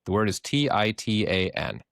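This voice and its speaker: A man's voice: lowish voice, big pitch swings, moderate pace, creaky, a bit bright, dry recording, clean studio sound. A man with a Minnesotan accent, co-hosting a podcast in playful, joking casual chat. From Minnesota, USA. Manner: playful, swears casually, jokey. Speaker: podcast co-host.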